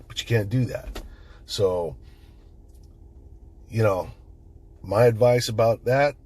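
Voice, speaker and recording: A man's voice: lowish voice, slow pace, darkish tone, slight background noise. A middle-aged man who is the channel host, talking bluntly in a casual monologue, swearing constantly as he tells stories.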